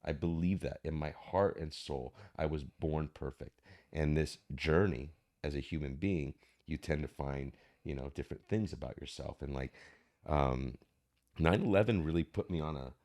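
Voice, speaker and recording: In a podcast conversation, an actor appearing as a guest speaks reflectively, acting out the voices of the people in his stories. He has a bass voice with a darkish tone and moves at a moderate pace.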